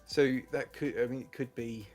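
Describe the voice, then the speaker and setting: A man running a casual online panel game, searching for his words and restarting his questions as he goes. His voice sits at an ordinary middle pitch and he laughs easily. It sounds like relaxed chat among friends. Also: moderate pace, faint music behind. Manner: hesitant, giggly, restarts phrasing. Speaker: game show host.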